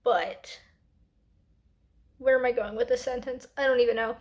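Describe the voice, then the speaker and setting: Young woman book vlogger, slightly high voice, rambling and self-deprecating, casual to-camera chat. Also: steady tone, normal speed.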